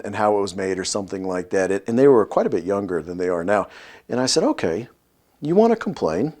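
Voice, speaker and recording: Middle-aged pastor telling a story. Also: male voice. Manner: storytelling, acts out Bible voices with rising pitch. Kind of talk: sermon.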